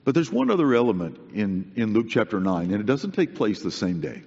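A man's voice: fairly low pitch, big pitch swings, brisk, gravelly, a little mellow, husky. A male preacher giving a sermon in an earnest, conversational way, stressing points by repeating them. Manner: earnest, conversational, emphatic repetition. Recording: dull recording with long hall reverb.

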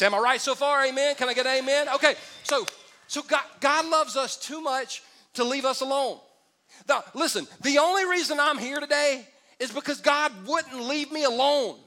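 A man's voice: extremely high pitch, normal speed, bright, forceful tone. A man preaching a sermon as pastor, conversational and humorous, asking the congregation for responses. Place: church auditorium.

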